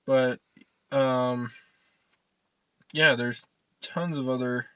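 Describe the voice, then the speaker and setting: Young guy, podcast co-host, loose profane rambling, bright edge, dry close mic. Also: medium pitch, fairly even intonation, extremely slow, smooth, no echo, rough recording. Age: young adult. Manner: rambling, profane, laughs often. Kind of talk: casual chat.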